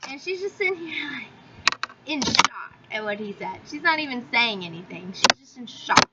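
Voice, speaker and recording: A woman's voice: on the high side, animated, moderate pace. A young woman reviewing a book in a casual vlog, talking in a chatty, filler-heavy way and swearing freely. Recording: slightly dull audio with faint hiss.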